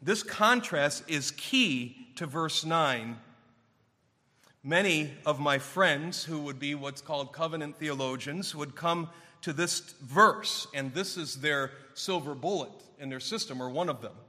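A male pastor delivering a sermon with a high, bright, ringing voice. He presses his points hard, rising in force and then dropping low. A long church-hall reverb trails behind every phrase. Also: unhurried. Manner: emphatic, building to raised intensity then dropping low.

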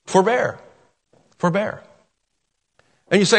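A man's voice: on the high side, very animated, moderate pace. A middle-aged male pastor preaching a sermon, emphatic and repeating key phrases for weight. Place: church sanctuary. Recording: long reverb of a church hall.

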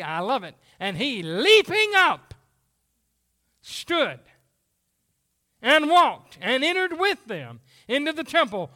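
High, bright-voiced preacher. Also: male voice. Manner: folksy, animated preaching with dramatized voices. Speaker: pastor. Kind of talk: sermon.

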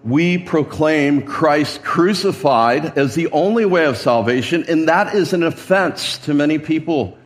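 A man's voice: fairly high pitch, expressive, unhurried, few pauses. A male pastor preaching a sermon in a church, conversational and emphatic, often asking rhetorical questions.

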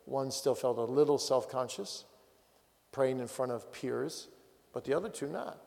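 Gravelly pastor in a reverberant hall. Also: male voice, mid-range voice, unhurried, a little mellow. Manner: direct practical exhortations. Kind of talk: teaching talk on family prayer.

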